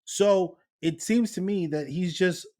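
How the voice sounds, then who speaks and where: A man's voice: high voice, slow pace, a little mellow. A man co-hosting a podcast in casual chat, blunt, profane and joking. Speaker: podcast co-host.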